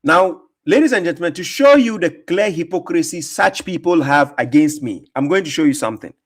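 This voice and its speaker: High-voiced man mocking a rival. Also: lively intonation, fairly quick. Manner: mocking, emphatic, laughs often, repeats words. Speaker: host reacting to a video. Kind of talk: reaction commentary.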